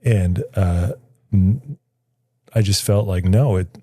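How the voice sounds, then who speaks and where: A man speaks as an interview guest in a studio, recounting a personal story in a reflective, searching way. His voice sits fairly low, with a soft, mellow tone. The sound is close and dry, with no room echo. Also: takes it slowly, husky. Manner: reflective, searching for words with frequent restarts. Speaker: guest, writer.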